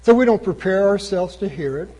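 A man delivering a sermon from the pulpit, his voice a little husky and pitched somewhat high. He preaches with passion, climbing to loud, emphatic peaks before easing back down. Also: lively intonation, a little fast, rough recording. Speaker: pastor.

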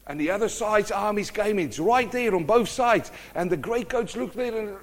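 A man preaching a sermon, telling stories in an animated way. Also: high-pitched, fairly quick, few pauses.

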